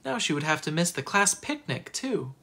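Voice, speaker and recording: An expressive teacher reads a children's storybook aloud, with pitch that rises and falls freely. The voice has a husky, slightly breathy texture. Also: normal speed. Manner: expressive, lively narration.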